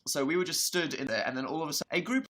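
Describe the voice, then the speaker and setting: Young English man, raised bright tone, animated storyteller. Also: a little high, racing. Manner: animated anecdote telling. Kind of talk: casual storytelling.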